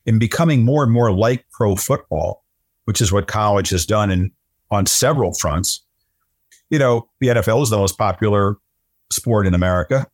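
A man's voice: fairly low pitch, normal speed, dry recording, clean studio sound. A middle-aged man, a sportscaster guest, telling stories in casual conversation and often repeating words as he starts sentences.

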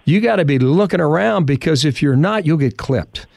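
A man hosting a podcast, chatting and giving his own opinions in a lively way. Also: fairly high pitch, moderate pace, creaky, no room sound. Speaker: podcast host.

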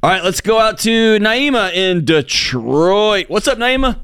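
A man's voice: sits high, animated, measured pace, fairly bright tone, clean tone, no echo, studio quality. A man hosting a call-in radio show, chatting casually and joking at his own expense. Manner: joking, self-deprecating.

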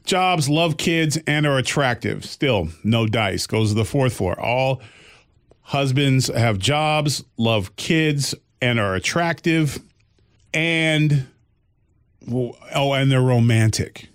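A middle-aged man telling a comic story on a chat show, with a voice at an ordinary middle pitch. He talks loosely and gets animated, often laughing as he goes. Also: unhurried. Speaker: co-host. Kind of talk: casual comedic storytelling.

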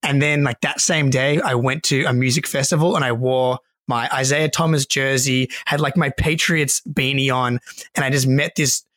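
A man's voice: medium pitch, steady tone, moderate pace, a bit bright, dry recording. A man co-hosting a sports podcast, telling rambling stories in casual chat with frequent laughter. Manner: rambling storyteller, laughs often. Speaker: podcast co-host.

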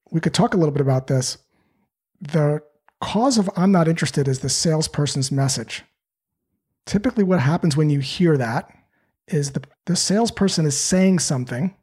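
Higher husky guy, sales coach on a podcast, acts out cold calls. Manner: animated, acts out sales calls in quoted voices. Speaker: sales trainer. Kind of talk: podcast interview answers.

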